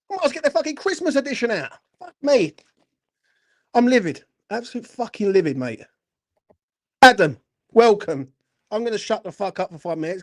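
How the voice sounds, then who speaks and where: Man, fan channel host, angry post-match rant, swears constantly. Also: high voice. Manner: furious, sweary, repeats "do you know what I mean".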